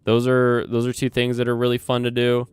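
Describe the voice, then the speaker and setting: A streamer speaks briskly in a monotone, medium-pitched, clean voice with a slight Southern US twang, close on a desk mic with no room sound. Hosting his channel's casual livestream, he rambles, corrects himself as he goes and reads chat aloud, while soft lo-fi music and typing play behind.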